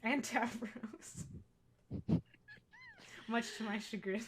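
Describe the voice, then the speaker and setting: Female streamer, higher voice, joking and swearing; casual game-stream chat. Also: steady tone, very slow, slight background noise. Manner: laughs a lot, swears, teasing. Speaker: streamer playing a visual novel. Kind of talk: casual let's-play chat.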